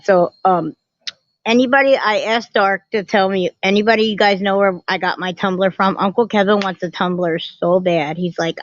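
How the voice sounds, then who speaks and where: A woman hosting a casual livestream from a family home, chatty and animated as she greets viewers by name and talks to her chat. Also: on the low side, no room sound. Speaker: livestream host. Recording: muffled lo-fi phone audio.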